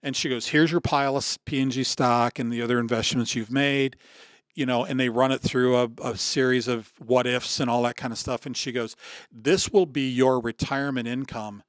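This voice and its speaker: In clean, dry studio sound, a mid-range male voice at normal speed recounts a personal story as a podcast guest. He's in his sixties and from Michigan, USA, chatting casually, animatedly voicing other people's lines, with many restarts.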